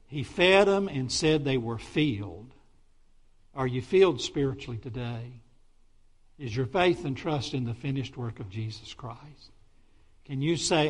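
A middle-aged man, a Baptist pastor, preaching a sermon in an animated way, with sudden excited outbursts and many stumbling restarts. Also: medium pitch, unhurried, slightly rough.

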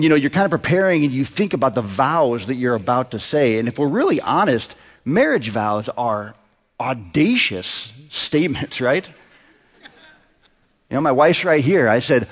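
A man in his thirties preaching a sermon in a conversational way, often asking the congregation rhetorical questions. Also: medium pitch. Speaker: pastor. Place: church sanctuary. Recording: long hall reverb.

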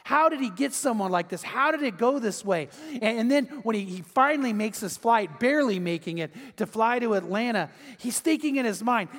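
High-voiced pastor preaching in a hall. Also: male voice, fairly quick, few pauses. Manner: animated storytelling, acting out voices in quotes. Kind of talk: sermon.

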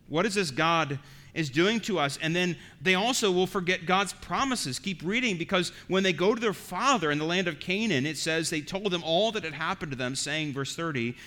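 A man's voice: sits high, expressive, normal speed, sharp tone. A man preaching an expository sermon as pastor, earnest and emphatic, often repeating words as he goes.

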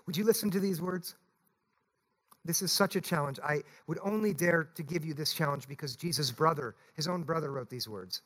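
Male pastor, sermon, high voice, earnest, pleading. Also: a little fast, a bit bright. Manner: earnest, pleading, repeats "listen". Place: church.

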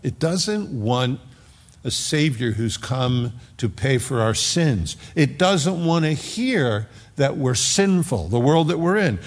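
Male pastor giving a sermon, emphatic, rising loud then dropping hushed, voice gravelly, in a church hall with long reverb. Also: mid-range voice. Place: church sanctuary.

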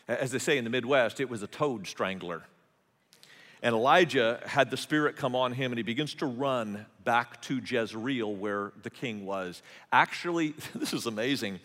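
A man's voice: medium pitch, a bit bright. A male pastor preaching a sermon, telling the story conversationally with humorous asides. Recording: long hall reverb.

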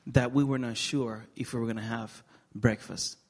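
Middle-aged man, earnest testimony, mid-pitched voice, light humor. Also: fairly even intonation, moderate pace. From Dominican Republic. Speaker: guest speaker. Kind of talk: personal testimony interview.

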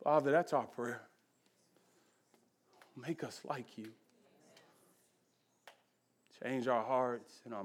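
A pastor with a medium-pitched voice preaches a sermon in rhythmic, repeated phrases that build to shouts, then fall away into a soft, hushed prayer.

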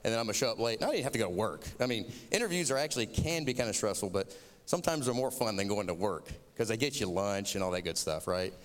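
A man's voice: fairly low pitch, animated, quick pace, long reverb tail. A man from Florida with a Southern accent, giving a sermon as a chatty, self-mocking personal story.

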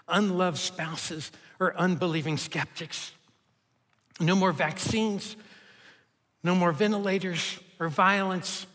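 Male pastor, sermon delivery, rhythmic list-building, high bright voice. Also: in a large hall. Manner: rhythmic, building lists with shifting intensity.

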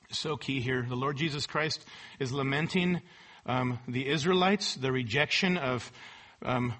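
Preaching with a sharp edge, a man quotes scripture, building in emphatic intensity before dropping low at the close of each idea.

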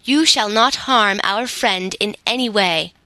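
A woman voicing a grave, calm immortal male master of the forests who speaks sternly. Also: mid-range voice, measured pace, dry recording, rough recording.

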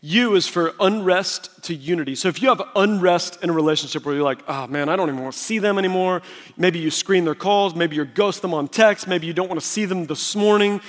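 A man's voice: high voice, fairly quick, hardly any pauses. A man preaching a sermon as pastor, emphatic and conversational. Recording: long reverb of a large hall.

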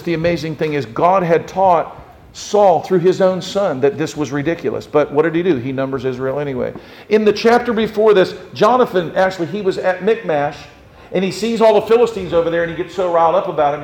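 Pastor, male, high voice, animated emphatic sermon delivery with rhetorical questions. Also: fast talker.

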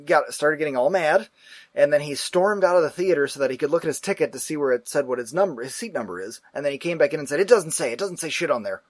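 A man hosting a casual talk show, telling a story in a profane, animated way and acting out the people in it. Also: on the high side, fast talker, no echo. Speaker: podcast host.

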